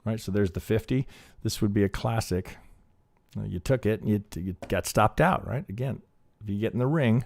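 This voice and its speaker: A man with a fairly low voice walks through a trading chart, thinking aloud as he goes. He swears casually and restarts his sentences often. The recording is dry and close. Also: normal speed, creaky, a little mellow, no room sound. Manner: rambling, profane, thinking aloud with many restarts. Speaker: trading educator. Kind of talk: live chart analysis lesson.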